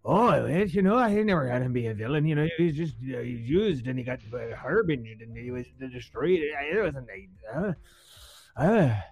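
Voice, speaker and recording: A man mimicking a flustered male comic writer in a halting, put-on accent. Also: medium pitch, lively intonation, a little mellow, close to an everyday voice. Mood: defensive.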